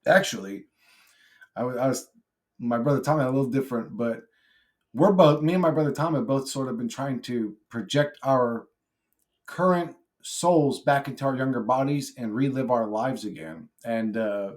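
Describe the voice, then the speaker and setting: A man's voice: mid-range voice, normal speed. A man talking to his viewers in a casual vlog monologue, brash and profane, rambling from thought to thought. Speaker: YouTuber.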